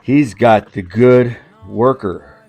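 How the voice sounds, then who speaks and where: A man's voice: mid-range voice, takes it slowly, vocal fry, mellow, faint music behind. A man in his fifties hosting a casual vlog, rambling and joking as he hands out giveaway knives. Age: 50s. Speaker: knife channel host.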